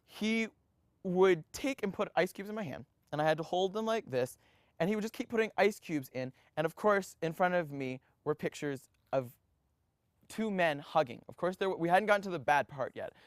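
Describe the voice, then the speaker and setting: A young man in his twenties recounts his past in an interview, his voice fairly high for a man. He tells it in an animated way, often restarting his sentences and briefly acting out other people's voices. The sound is dry and close, with no room around it. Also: moderate pace, no echo. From United States. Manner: animated, acts out quoted voices, frequent restarts. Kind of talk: personal storytelling interview.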